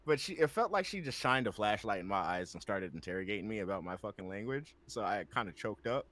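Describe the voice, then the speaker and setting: A man's voice: on the low side, expressive, fairly bright tone. An American man co-hosting a casual podcast chat, joking and swearing freely. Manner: profane, joking, talks fast and loose. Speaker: podcast co-host.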